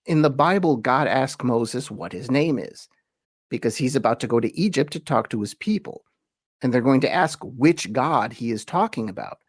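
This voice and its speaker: Male teacher-host, mid pitch, casual explainer, slows for emphatic quotations, dry close mic. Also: dry recording. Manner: reads quoted verses slowly with emphasis; relaxed, chatty explaining with asides. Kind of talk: conversational lesson.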